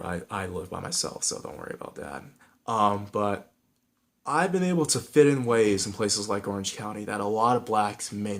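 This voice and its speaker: A man's voice: lowish voice, gravelly. A man with a Southern California accent giving frank, rambling advice in a casual vlog, with many restarts and fillers.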